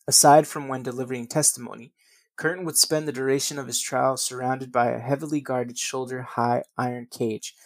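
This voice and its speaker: A man's voice: medium pitch, no echo. A man reading a true crime account aloud, stumbling over words and breaking into crude, profane casual asides. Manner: reads from notes with slips, then drops into profane casual asides.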